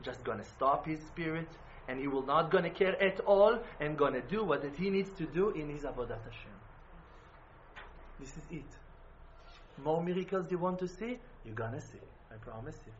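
Man, emphatic religious teacher; high-pitched, faint background noise on a muffled recording. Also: expressive, normal speed. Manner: emphatic, swings from loud exclamations to quiet intensity. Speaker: Breslov Hasidic teacher. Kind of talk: impassioned religious talk.

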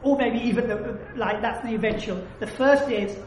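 A woman's voice: on the high side, moderate pace, few pauses, a little hiss or hum. A woman leading a religious study discussion, talking emphatically and acting out heartfelt prayers. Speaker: religious teacher. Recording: echoey room.

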